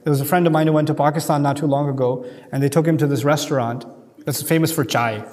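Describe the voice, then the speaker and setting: A man with a notably high voice gives an earnest Quran commentary, leaning hard on key phrases and repeating them. His words ring out with a long reverb, as if spoken in a large hall. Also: fairly even intonation, quick pace, a little mellow. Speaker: Quran teacher.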